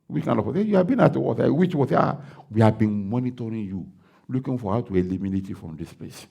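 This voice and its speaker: A Nigerian man, a pastor, preaching a sermon and acting out the dialogue of a story he tells, breaking into loud declarations. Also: mid-range voice, animated, quick pace, vocal fry, slightly rough, lo-fi sound.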